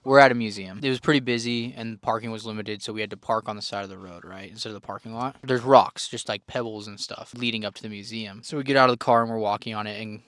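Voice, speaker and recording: A man's voice: on the low side, fairly even intonation, quick pace, few pauses, no echo. Teasing young man telling a story. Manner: teasing, loud outbursts when acting out others. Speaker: vlogger telling a family story. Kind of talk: casual storytelling.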